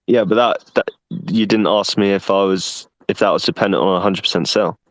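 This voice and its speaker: A man with a fairly low voice answers questions earnestly, often doubling his words as he works out his point. The sound is dry and close. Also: steady tone, brisk, no room sound. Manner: earnest, repeats words while thinking, says "mate". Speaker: guest representing a project. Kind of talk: casual answers on an online call. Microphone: online voice call.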